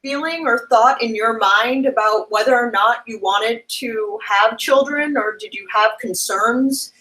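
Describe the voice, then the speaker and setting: A woman interviewing a guest over a video call, speaking gently and reassuringly, at times tearful. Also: a little high, measured pace, poor audio.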